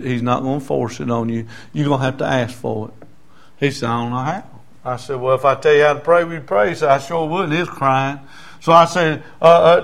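A man, preaching and telling a story in a folksy way, full of "I said, he said" and building to fervent emphasis. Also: fairly high pitch. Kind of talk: testimony story in a sermon.

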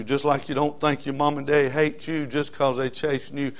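A middle-aged man preaching a sermon. He calls out to his congregation for amens and swings between loud and soft delivery. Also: mid-range voice, little pitch movement, normal speed, hardly any pauses.

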